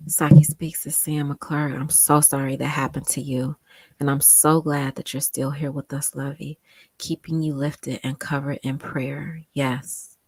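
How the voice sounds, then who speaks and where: A woman with a notably low voice hosts a casual live stream, reading viewer comments aloud. She speaks with impassioned emphasis, repeating phrases to drive them home, and at times sinks to a hushed near-whisper. The sound is dry and close, with no room echo. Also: little pitch movement, a little slow, breathy edge. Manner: drops to a hushed near-whisper when moved. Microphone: home desktop setup with monitor.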